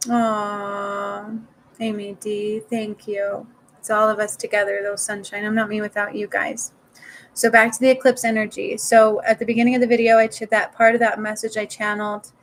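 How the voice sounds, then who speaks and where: A woman's voice: medium pitch, little pitch movement, normal speed, a little hiss or hum, rough recording. A woman talking casually to viewers in a live stream as a spiritual healer, swearing now and then and repeating words for emphasis.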